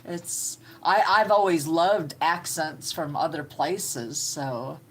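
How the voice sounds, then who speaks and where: A middle-aged woman, hosting a live stream with slow, homey chatter and greeting viewers by name. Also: sits low, breathy edge. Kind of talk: casual live-stream chat.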